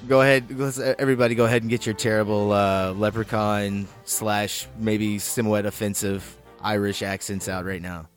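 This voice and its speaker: A man hosting a movie podcast in relaxed, chatty talk with plenty of fillers. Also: on the low side, normal speed, hardly any pauses, faint music behind. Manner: laid-back, chatty, many fillers. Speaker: podcast host. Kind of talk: casual chat.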